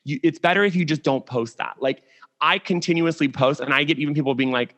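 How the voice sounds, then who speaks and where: A young adult man joins a podcast over a video call for a casual interview chat. His fairly high voice moves at a quick pace with the highs cut off, and he talks candidly and animatedly, saying "like" constantly.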